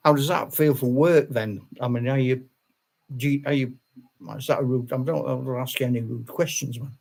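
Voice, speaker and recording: Older man, gravelly husky voice, casual rambling live chat, frequent chuckles. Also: medium pitch, fairly even intonation, fairly quick, a little mellow. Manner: chatty, laughs often, rambling with restarts. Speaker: channel host.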